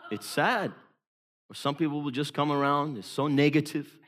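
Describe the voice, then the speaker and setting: A man preaching a sermon as an evangelist, emphatic, moving between hushed storytelling and loud exhortation. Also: on the high side, moderate pace.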